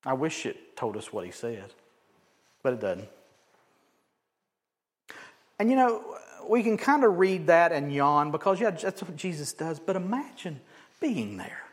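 A man preaching a sermon, animated, swinging from loud emphatic bursts to quiet joking asides. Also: on the high side, normal speed. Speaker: pastor.

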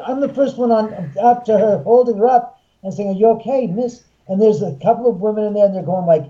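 Man telling a ghost story, dark-toned. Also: high-pitched, a little fast, hardly any pauses, highs cut off. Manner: acts out quoted voices, excitable. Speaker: haunted house owner and filmmaker. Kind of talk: animated storytelling.

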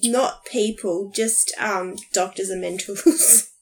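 A woman's voice: mid-range voice, fairly even intonation, takes it slowly. A woman co-hosting a casual podcast, candid and chatty, laughing often. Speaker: podcast co-host.

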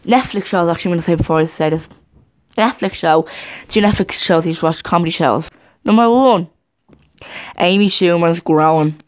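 A woman's voice: fairly low pitch, moderate pace, pauses often. A young woman chatting casually to camera at home, rambling and often restarting her sentences. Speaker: vlogger.

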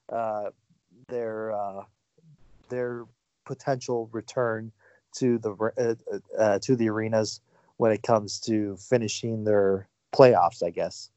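A man's voice: medium pitch, darkish tone, smooth, no room sound. Male podcast host, casual sports talk, hesitant and filler-heavy, muffled dry recording. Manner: halting, many fillers and restarts.

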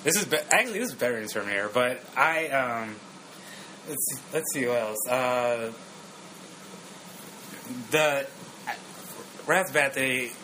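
A man's voice: medium pitch, animated, measured pace, long pauses, sharp tone, a little hiss or hum, rough recording. A young man co-hosting a podcast, casually reviewing a movie in a laid-back way, swearing freely. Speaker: podcast co-host.

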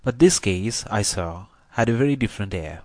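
Audiobook: male reader as a chatty, confiding country doctor, middle-aged, lowish voice, dry recording. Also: lively intonation, normal speed, darkish tone, no room sound, natural voice. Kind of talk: audiobook reading.

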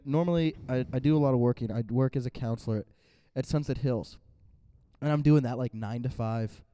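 A man's voice: mid-range voice, warm tone, smooth, no echo, studio quality. A young man co-hosting a podcast, telling a rambling story in casual chat with many "like"s and restarts. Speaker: podcast co-host.

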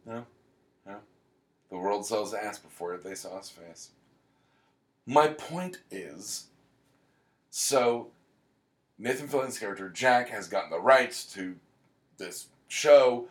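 A man with a lowish voice talks in a loose, casual podcast chat. He rambles, cracks jokes and drifts off on quick tangents while explaining a show to his co-host. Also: lively intonation, reverberant.

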